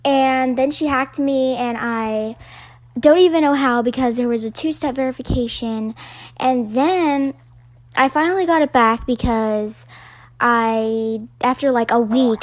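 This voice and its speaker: A woman's voice: fairly high pitch, darkish tone. A young woman casually telling a personal story in parts, hesitant with many fillers.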